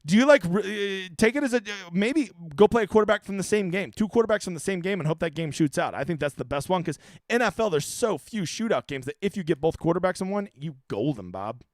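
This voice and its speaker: A man's voice: high-pitched, lively intonation, fast talker, dry recording, studio quality. A man hosting a fantasy sports stream, casually answering chat questions in a loose, profane, joking way with frequent stammers.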